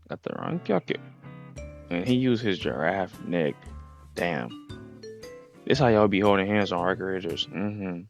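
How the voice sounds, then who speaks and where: A young man casually recapping a story in heavy slang, jumping into loud shouted impressions of the characters. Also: sits low, gravelly. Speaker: anime recap host. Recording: slightly muffled lo-fi recording.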